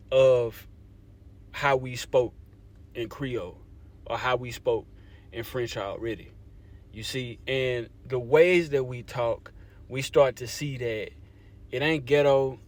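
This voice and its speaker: A slightly mellow, mid-range male voice: a young adult language advocate from Louisiana talking casually to camera. He explains things conversationally, keeps checking in with his listeners, and repeats "you see what I'm saying" throughout.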